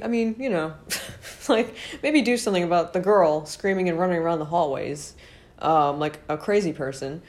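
A young woman talks straight to her viewers in a casual storytime monologue. Her voice sits slightly low and sounds worn, as if she is losing it. She rambles, circles back and fills pauses with asides. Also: a little mellow. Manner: chatty, rambling, full of fillers and asides to viewers. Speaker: vlogger telling a personal story.

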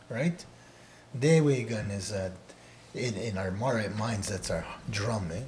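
A bit slow and on the low side, this co-host's voice carries a slight hiss or hum. On a casual podcast where he teaches Odawa, he stays laid-back, ends lines with "eh?", and gets loud and laughing during stories.

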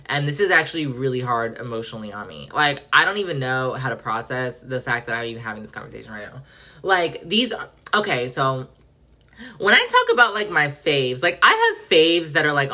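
A woman's voice: very deep voice, very animated, normal speed, pushed and bright. A woman hosting a podcast, ranting in a sassy, profane, slang-heavy way. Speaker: podcast host. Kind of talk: casual pop-culture rant.

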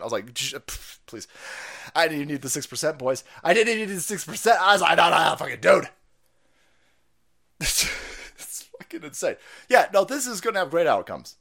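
A man streaming ranting commentary, foul-mouthed and loud, laughing and jumping between mutters and yells. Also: on the high side.

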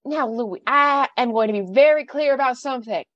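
A woman's voice: high voice, brisk, a bit bright, no echo, pitched above the performer's own voice. A woman voicing a stern middle-aged female camp director who scolds in a cold, clipped way, recorded a bit muffled. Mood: stern scolding. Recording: dry, slightly muffled recording.

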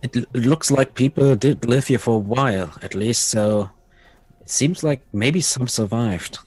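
Husky, hesitant male player. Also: medium pitch, unhurried, a little mellow, dry recording, low-quality recording. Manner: hesitant, restarting words. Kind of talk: playing a tabletop game.

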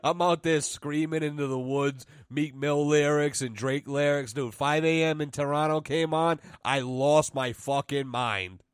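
A man's voice: a little high, unhurried, hardly any pauses, clear, resonant tone, dry recording, studio quality. A young man from New England hosting a casual podcast, telling a road-trip story full of swearing and laughing in the middle of sentences. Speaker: podcast host.

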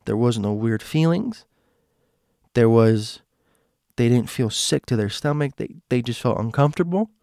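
A man recounting a story in a gravelly, easygoing voice at a middle pitch. He leans into dramatic pauses and hushed stretches for suspense, recorded close and dry. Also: lively intonation, no room sound. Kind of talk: casual spoken storytelling.

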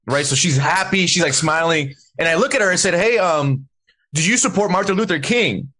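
Brief: talkative male guest, high pitch, tells stories. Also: sharp tone. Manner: chatty, storytelling, halting restarts. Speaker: podcast guest. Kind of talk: casual political chat.

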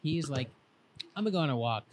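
This young co-host talks fast in a slightly high voice, with faint background noise behind him. His podcast story runs long and loose, delivered casually, and he quotes friends in energetic voices.

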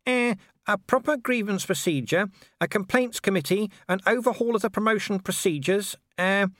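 A man's voice: high-pitched, moderate pace, a bit bright, no echo, clean studio sound, voice pushed up. A man voicing a hesitant, fussy constable who lists grievances with nervous hems.

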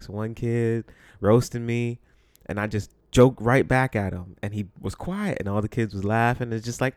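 Recorded dry with studio-quality sound, a young Bronx man hosts his solo podcast in a mid-range voice at normal speed. He's a blunt, profane storyteller who jokes and laughs his way through a casual monologue.

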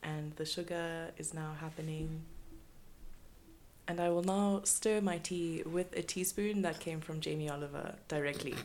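A woman's voice: sits low, fairly even intonation, a little slow, darkish tone. A woman co-hosting a casual podcast from home, giggling often and narrating small events with mock ceremony. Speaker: podcast co-host. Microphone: podcast microphone.

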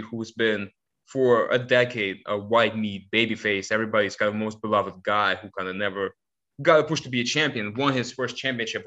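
A man co-hosting a casual talk show, his voice bright and forceful but heard through dull, lo-fi sound. He works through his views earnestly, often restarting his sentences. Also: fairly low pitch. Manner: earnest and analytical, with frequent restarts. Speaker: podcast co-host. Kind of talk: casual chat.

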